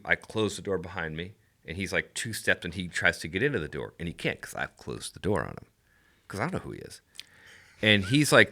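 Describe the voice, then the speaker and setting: Low-voiced animated man telling war stories. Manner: animated storyteller, laughs often. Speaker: podcast guest, former Navy SEAL. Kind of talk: casual storytelling chat.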